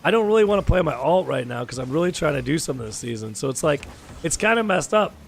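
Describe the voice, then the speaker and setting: This hoarse streamer's gravelly voice is raised, a little high and sing-song, and he talks fast over faint background music. Sore throat and all, he keeps up easygoing, profane game chat with his viewers from his home setup, chatting away and calling everyone dude.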